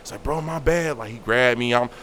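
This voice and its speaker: A man's voice: mid-range voice, brisk. Young man, casual storyteller who acts out the voices, slight background hiss. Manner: animated, acts out quoted voices. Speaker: guest telling a story.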